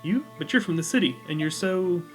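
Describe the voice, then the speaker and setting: A man voicing a shy, plain-spoken young country woman who speaks in short, halting bits. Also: high-pitched, expressive, faint music behind, pitched above the performer's own voice. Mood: guarded, flustered. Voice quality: rural, halting.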